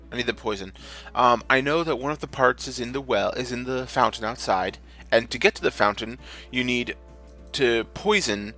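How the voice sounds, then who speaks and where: A man with a mid-range, sharp voice hosts a gaming channel and talks through his play in casual let's-play commentary. He's rambly and jokey, frequently correcting himself in the middle of a sentence.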